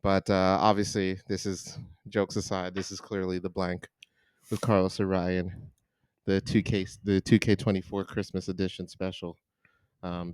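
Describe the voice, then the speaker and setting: A man's voice: sits low, darkish tone, clear, resonant tone, dry recording. A young man co-hosting a casual podcast from home, joking around and teasing his friend. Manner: playful, slips into a hyped radio DJ voice. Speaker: podcast co-host. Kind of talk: casual chat. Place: home living room.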